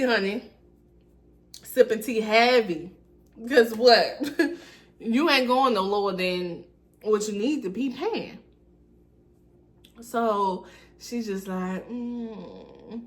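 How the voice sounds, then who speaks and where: A young woman vlogger telling a storytime in a sassy, animated, colloquial way. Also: mid-range voice, slow, long pauses. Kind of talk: casual storytime.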